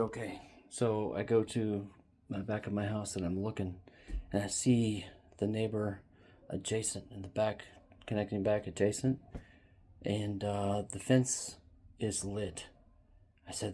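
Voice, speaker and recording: A man vlogging outdoors into a handheld phone camera. He tells his story in a rambling, animated way. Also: fairly low pitch. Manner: rambling and animated, bursts into loud shouts when quoting.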